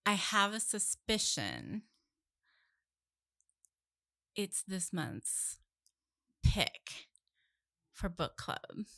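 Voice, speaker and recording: A woman's voice: mid-range voice, sing-song, very slow, creaky, fairly bright tone. A woman co-hosting a casual podcast, talking about books with enthusiasm. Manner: enthusiastic, chatty. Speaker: podcast co-host and book club member. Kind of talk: casual chat.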